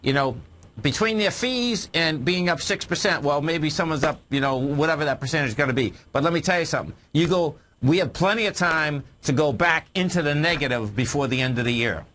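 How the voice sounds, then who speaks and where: Guy on a finance radio show, higher voice, bright and punchy, keeps saying folks. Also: lively intonation, a little fast. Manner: emphatic, repeats phrases, addresses folks. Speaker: co-host, market analyst. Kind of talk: radio market talk with callers. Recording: radio broadcast.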